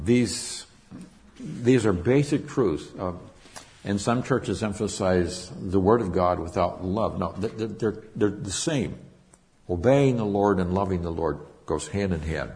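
A man's voice: sits low, lively intonation, slow pace, darkish tone. A man preaching a sermon, explaining Greek words with emphatic, repetitive phrasing. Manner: repeats words and restarts, with fillers. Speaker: Bible teacher.

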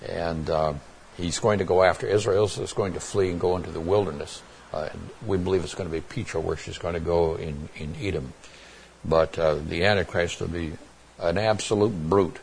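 Guy preaching a bible sermon, really low voice, earnest, lots of uh's, faint room sound behind. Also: steady tone, a little fast, gravelly, a little hiss or hum. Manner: earnest, plainspoken, with frequent fillers and restarts.

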